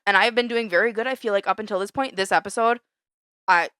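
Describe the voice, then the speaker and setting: A young woman co-hosting a casual podcast, ranting heatedly, swearing often and jumping around in pitch when fired up. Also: quick pace, smooth, no echo, studio quality. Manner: animated, big jumps in pitch when fired up. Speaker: podcast co-host. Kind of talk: casual chat. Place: small studio under a lamp.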